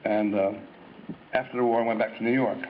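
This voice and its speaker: A man's voice: fairly low pitch, fairly even intonation, a little fast. An older American man giving a rambling, anecdotal talk at a convention, often restarting his sentences. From United States. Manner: rambling storyteller with frequent restarts and hesitations. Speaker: guest author giving a talk. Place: convention hall. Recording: lo-fi hall recording with faint noise.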